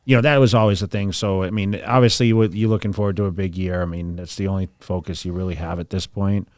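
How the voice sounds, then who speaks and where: Relaxed, low-voiced podcast host. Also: male voice, fast, no echo. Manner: relaxed, rambling questions. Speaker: podcast host, former bodybuilder. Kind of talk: casual podcast chat.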